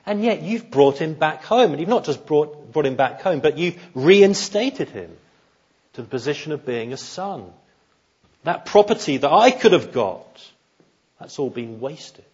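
A resentful older brother airs his bitterness and indignation, as a preacher acts him out. The voice is husky and mid-pitched, with an accusing edge. The recording sounds slightly dull. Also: a little slow. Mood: indignant.

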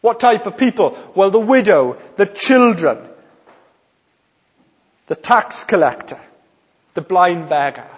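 A man's voice: high voice, big pitch swings, takes it slowly, pauses often, slightly rough. A man from South Wales with a Welsh accent, preaching a sermon with emphatic stresses on key phrases. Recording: long hall reverb, dull sound.

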